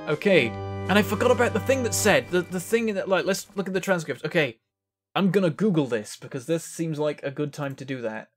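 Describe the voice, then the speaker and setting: A man with a fairly high voice thinking aloud in casual gameplay commentary, musing over each clue as it comes. Soft music plays faintly behind him. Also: animated, fairly quick. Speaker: game streamer.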